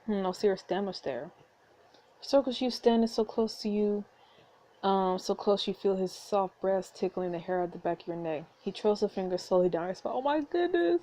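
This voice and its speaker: A woman's voice: medium pitch, steady tone, fairly quick, warm tone. A woman hosting a let's play, reading a story game aloud and reacting with giggly asides.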